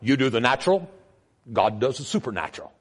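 A man imitating an elderly Southern preacher who speaks slowly in a low, drawn-out, reverent manner. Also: expressive, natural voice. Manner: slow, low, drawn-out delivery.

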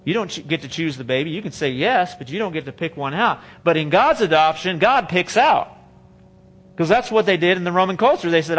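A man with a notably high voice delivers a sermon from a church microphone. He talks like he's chatting with the congregation, restarting sentences and repeating key words for emphasis, with playful asides. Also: expressive, moderate pace, a bit bright. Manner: conversational, repeats and restarts phrases, joking asides. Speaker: pastor. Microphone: handheld or stage microphone.

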